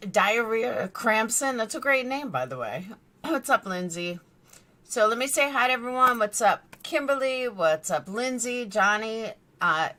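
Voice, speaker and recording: A woman's voice: medium pitch, pushed and bright. A middle-aged woman hosting a casual live stream from her bedroom, rambling and chatting while greeting viewers by name. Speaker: true crime streamer. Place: bedroom lit by a screen.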